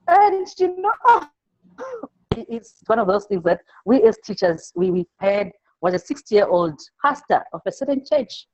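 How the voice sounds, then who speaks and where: A woman teacher from Zimbabwe, answering an interview by telling classroom stories in a halting way, repeating words and acting out the pupils she quotes. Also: sits high, lively intonation, a little mellow, highs cut off, soft background music.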